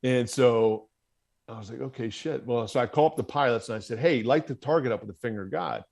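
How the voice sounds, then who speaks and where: Animated man telling a war story. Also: mid-range voice, fairly quick, gravelly. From United States. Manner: animated storyteller, acts out quoted voices. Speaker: guest, former Marine officer. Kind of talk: storytelling in a podcast interview.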